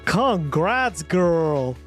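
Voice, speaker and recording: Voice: medium pitch, sing-song, drawn-out words, faint music behind. A live streamer chatting casually with viewers, teasing, swearing and reacting to videos.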